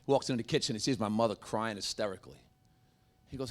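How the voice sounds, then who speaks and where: Brash middle-aged stand-up comic on stage. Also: male voice, mid-range voice, fast. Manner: brash, crowd-working, joking delivery with frequent laughs. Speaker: stand-up comedian. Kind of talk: stand-up comedy set. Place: comedy club stage.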